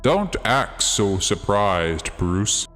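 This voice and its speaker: Man voicing a smug, low-pitched secret-society boss with cavernous hall echo. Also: big pitch swings, a bit bright, faint music behind, heavily acted. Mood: cold menace. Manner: slow, cold, condescending. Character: menacing masked male secret-society leader. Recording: long hall reverb.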